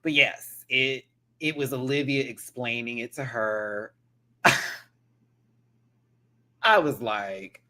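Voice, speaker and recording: A man's voice: mid-range voice, takes it slowly, pauses often. A man hosting a live-stream reaction, chatting casually, laughing often and mimicking people as he tells the story. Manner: animated, laughs often, mimics others in quoted asides; calls to viewers by name, affectionate. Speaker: drag show reviewer, host.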